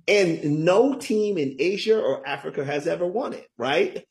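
This middle-aged man, interviewed as a guest author, has a slightly high, animated voice and a measured pace. He chats with enthusiasm, repeatedly checking in with "right?"

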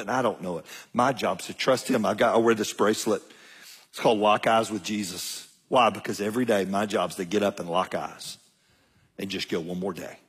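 A middle-aged man, telling a folksy story in a sermon and acting out the dialogue with big jumps in pitch. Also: husky. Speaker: guest speaker.

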